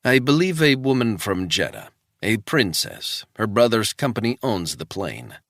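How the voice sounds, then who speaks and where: A man voicing a confident female agent who speaks in a brisk, knowing, slightly teasing way. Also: fairly low pitch, very animated, a bit bright, no echo, studio quality, voice pushed up, exaggerated voice.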